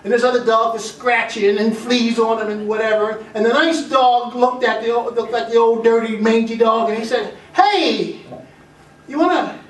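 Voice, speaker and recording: A man's voice: extremely high pitch, flat delivery, moderate pace, few pauses. A middle-aged man giving a homespun tribute speech about his father at a family gathering, repeating phrases and restarting sentences. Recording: roomy echo, voice from far off.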